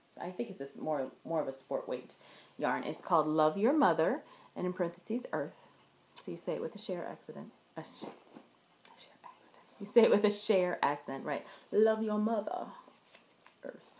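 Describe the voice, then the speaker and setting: Chatty woman with a low voice in an echoey room. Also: darkish tone. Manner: chatty, meandering, self-correcting while showing work to camera. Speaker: knitting podcast host. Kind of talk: casual show-and-tell chat. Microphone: camera in front of her. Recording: roomy echo.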